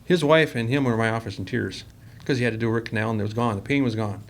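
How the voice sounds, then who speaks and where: A man's voice: medium pitch, racing. A man, a company president, telling workplace stories in a rambling, casual interview style and acting out the quoted dialogue. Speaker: company president, podcast guest.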